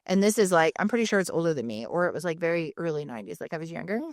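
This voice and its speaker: A woman's voice: fairly low pitch, very fast, dry recording, studio quality. A woman in her thirties co-hosting a podcast in casual chat, telling stories with acted-out quotes and free swearing. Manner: animated storyteller, swears freely, acts out quotes. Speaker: podcast co-host, mother.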